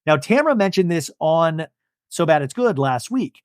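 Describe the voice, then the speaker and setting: A man's voice: fairly high pitch, normal speed, clean tone, dry recording, studio quality. A young adult man hosting a podcast, giving a casual, jokey recap of a TV episode and acting out quotes. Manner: animated, jokey, acts out quotes. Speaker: podcast host.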